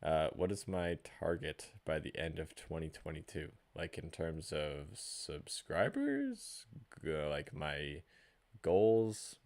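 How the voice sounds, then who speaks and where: A man hosting a live question-and-answer stream, chatting casually, greeting viewers by name, halting with fillers and restarts. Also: very deep voice, darkish tone. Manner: reads out viewer names and greets them.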